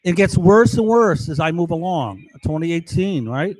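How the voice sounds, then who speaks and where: A man's voice: a little high, expressive, normal speed, darkish tone, no room sound, poor audio. A man talking in a rambling, agitated monologue, cursing freely and keeping on asking "right?". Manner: agitated, profane, rambling and conspiratorial.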